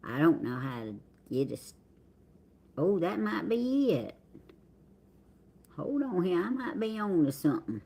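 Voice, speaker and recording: Her voice sits on the low side, warm with a breathy edge, swinging widely in pitch as she speaks unhurriedly and pauses often. A middle-aged livestream host from the Southern United States, she greets viewers in casual chat, reading their names in her drawl.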